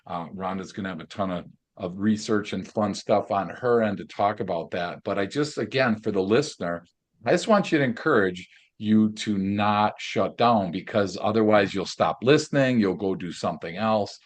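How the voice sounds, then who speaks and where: A male podcast host with a fairly low voice. He talks earnestly and encouragingly, circling a little before he gets to the question. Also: moderate pace. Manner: earnest, encouraging, slightly rambling. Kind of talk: interview host.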